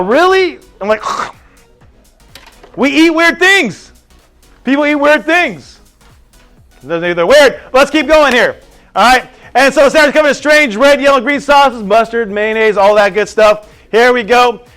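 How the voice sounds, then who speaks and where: A man teaching a class, telling stories and firing questions at his students. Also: very high voice. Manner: animated, storytelling with quick questions to students. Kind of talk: classroom lecture.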